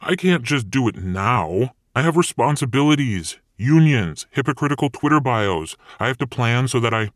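A man's voice: mid-range voice, animated, normal speed, few pauses, dry recording, studio quality, pitched above the performer's own voice, natural voice. A man voicing a weary, grumpy male Satan, hesitant and sarcastic in his replies. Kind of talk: audiobook character reading.

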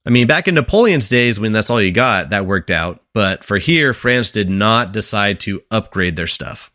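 A man's voice: lowish voice, animated, normal speed, pushed and bright, no room sound, studio quality. Man telling history in casual podcast chat. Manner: casual storyteller who quizzes his co-hosts. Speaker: podcast co-host presenting a history segment.

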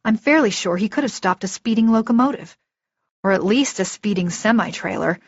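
Woman reading an audiobook first person, steady vivid telling, dry close sound, bit muffled. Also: mid-range voice, fairly quick, no room sound. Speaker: audiobook narrator. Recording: dull lo-fi recording, dry.

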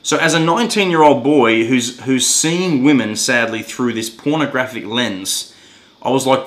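A man's voice: mid-range voice, moderate pace, fairly bright tone. A man hosting a podcast, telling a personal story in an earnest way, often stammering and repeating words. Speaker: podcast host.

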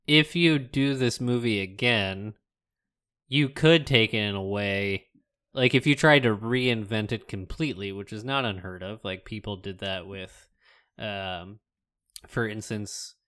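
A man's voice: lowish voice, a little slow, fairly bright tone, clean tone. A young man co-hosting a podcast in casual chat, enthusiastic and talking himself into his own ideas. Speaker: podcast co-host.

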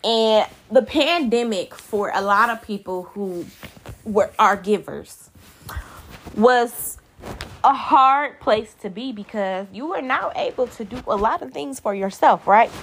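A woman's voice: on the high side, animated, slow pace. A woman hosting a casual motivational talk, chatty and conversational, speaking directly to her listeners. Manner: conversational, chatty with fillers, addresses listeners as y'all. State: tired, yawning. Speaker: podcast host.

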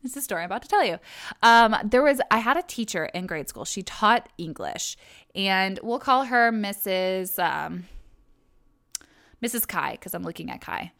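Young woman, podcast host, casual rambling monologue, middle pitch, dry close sound. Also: animated, normal speed, vocal fry, a bit bright, no room sound. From Kentucky, USA. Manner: chatty and rambling, with frequent fillers and self-corrections.

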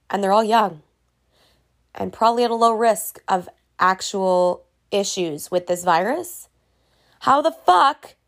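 A young woman casually ranting to camera in a vlog, profane and exasperated. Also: a little high. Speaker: vlogger.

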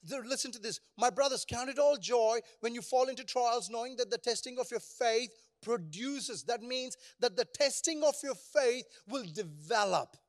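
Man, pastor, very high voice, sermon, rhetorical questions, call-and-response. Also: expressive, moderate pace, few pauses.

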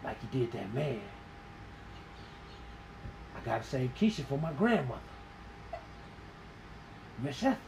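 A man's voice: sing-song, measured pace, gravelly, pauses often, noisy background. A man putting on the voice of a brooding TV drama character, mumbling as if his mouth were full of cotton. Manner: muffled, mumbled, low.

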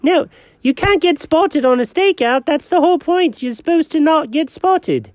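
A man voicing a high, excitable young male pet character who talks eagerly and jumpily. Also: normal speed, dry recording. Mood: flustered.

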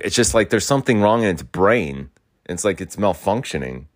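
A young man with a low, deep voice talks in a loose, rambling rant. He swears often, circles back to the same complaints and repeats himself, moving in and out of his rural home as he talks. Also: expressive, normal speed. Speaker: podcast host. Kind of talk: rambling casual monologue.

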